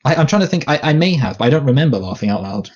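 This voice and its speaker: Male co-host, quick talker with a low voice, muffled lo-fi recording, teasing banter. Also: big pitch swings, a little mellow, slightly rough. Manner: rapid, stammering restarts, teasing. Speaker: movie review podcast co-host. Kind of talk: casual chat.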